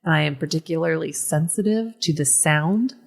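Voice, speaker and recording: A woman co-hosting a podcast in casual chat, with vocal fry, rambling and self-mocking and laughing often. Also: sits low, normal speed. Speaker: podcast co-host.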